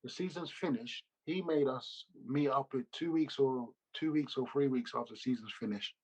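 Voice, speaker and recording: Ex-footballer guest, male, slangy and animated, husky voice on lo-fi video call audio. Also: medium pitch, moderate pace. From England. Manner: animated, loose slangy storytelling with repeats. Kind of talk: casual interview storytelling.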